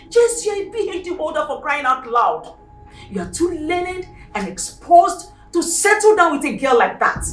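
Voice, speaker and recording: A woman's voice: mid-range voice, echoey room, recorded from a distance, lightly acted. An actress playing a disapproving mother who lectures her son with scorn, in English. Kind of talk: Nollywood film acting.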